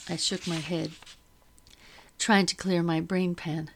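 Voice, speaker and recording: A woman narrating a novel in first person. She reads in an earnest, steady way, with a low voice that has a gravelly grain. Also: slow pace, pauses often, a little hiss or hum. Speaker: audiobook reader.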